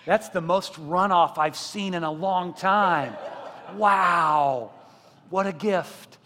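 A middle-aged man preaching a sermon as pastor, asking the congregation questions and building to loud, emphatic repetition. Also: on the high side. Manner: asks the congregation rhetorical questions. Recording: long church-hall reverb.

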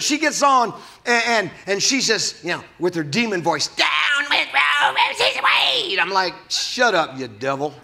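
A man preaches a fiery sermon at a church service, his voice pitched high and ringing bright. He presses each point hard and stumbles into repeated words when he gets worked up. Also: a little hiss or hum. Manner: fiery, emphatic preaching with sudden high bursts. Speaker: pastor.

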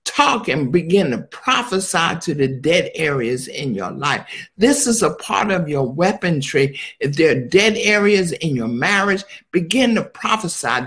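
A man's voice: on the high side, very animated, unhurried, fairly bright tone. A male minister preaching a live-streamed sermon in a call-and-response style, sometimes dropping to a near-whisper.

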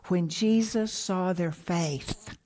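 A middle-aged woman minister preaching a sermon, slow and emphatic, sometimes dropping to a whisper for key points. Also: on the low side, mellow, slight background noise.

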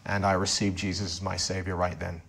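This interviewee has a low, husky, gravelly voice that's a bit bright, delivered in a level tone at a slightly fast pace. He earnestly shares a personal testimony as a guest, restarting his sentences again and again.

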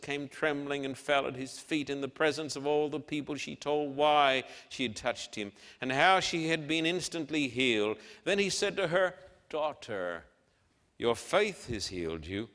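A man preaching a dramatic sermon and reading scripture, swinging between loud declarations and hushed, soft passages. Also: fairly high pitch, steady tone, normal speed, few pauses, in a large hall.

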